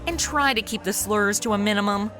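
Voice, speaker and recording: A woman's voice: medium pitch, fairly quick, bright, forceful tone, soft background music. A young woman with a sarcastic, wisecracking modern manner, narrating and playing the lead in a comedy audio drama.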